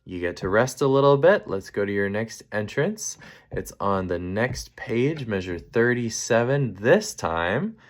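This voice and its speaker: A man's voice: lowish voice, sing-song, a little slow. A man leading a choir rehearsal, counting beats and calling out measures and cues for the soprano sections over piano. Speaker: choir director. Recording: loud piano accompaniment behind the voice.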